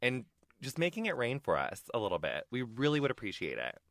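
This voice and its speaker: Playful campy man, lively swooping voice. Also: mid-range voice, a little fast, dry recording, studio quality. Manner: playful and campy, calls listeners honey. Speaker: podcast host. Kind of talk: casual podcast chat.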